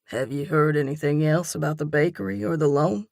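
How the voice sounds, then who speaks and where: A woman voicing a man who is the love interest in a romantic audiobook, speaking in an even, wry drawl. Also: low-pitched, fairly quick, creaky, dry recording, studio quality. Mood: teasing, calm. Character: man, warm easygoing teasing love interest.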